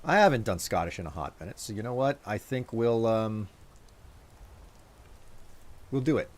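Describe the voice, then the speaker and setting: Male streamer, low voice that swings around a lot, playful and jokey. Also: lively intonation, moderate pace. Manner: playful, joking, thanks viewers. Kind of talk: casual live-stream chat.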